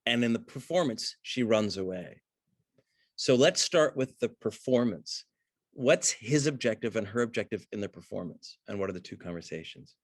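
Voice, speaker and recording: A middle-aged man, an acting teacher, breaking down a film scene for an online class over a video call, animated and conversational. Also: fairly low pitch, normal speed, no echo. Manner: animated, conversational, jumps into reading script lines.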